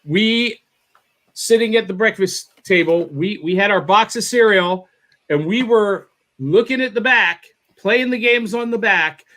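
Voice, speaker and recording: Upbeat high-voiced podcast host. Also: male voice, a little slow. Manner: upbeat and excitable, repeats himself. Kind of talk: casual chat.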